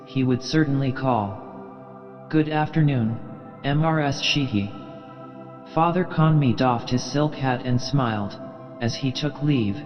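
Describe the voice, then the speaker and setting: A man reads a classic novel aloud at an even, unhurried pace, his mid-range voice trailing into a long hall-like reverb. The sound is a little dull and muffled, with faint music running underneath. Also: mid-range voice. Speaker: audiobook narrator. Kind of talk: literary audiobook narration.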